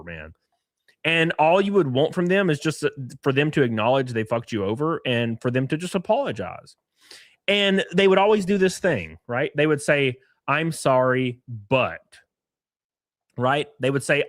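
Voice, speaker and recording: A man's voice: a little high, no echo, clean studio sound. A man in his thirties hosting a live stream, giving blunt, profane reaction commentary and talking straight to his chat.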